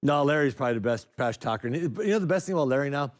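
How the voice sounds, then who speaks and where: A man recounting old game stories with a steady mid-range voice. He laughs often and drops into quoted lines as he goes. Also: medium pitch, racing. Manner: laughing often, quoting others in different voices. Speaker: former teammate telling stories. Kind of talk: animated anecdote telling.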